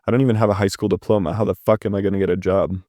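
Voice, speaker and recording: A man's voice: deep voice, fairly even intonation, racing, mellow, dry recording, clean studio sound, lightly acted. A man reading the lines of a broke, defensive young man who asks a friend for money.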